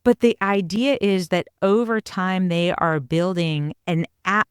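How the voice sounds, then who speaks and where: A woman's voice: on the low side, fairly even intonation, unhurried, hardly any pauses, smooth, no room sound, studio quality. A woman co-hosting a parenting podcast, speaking in an earnest, encouraging and casual way. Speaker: podcast co-host, parenting coach. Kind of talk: casual conversational explanation.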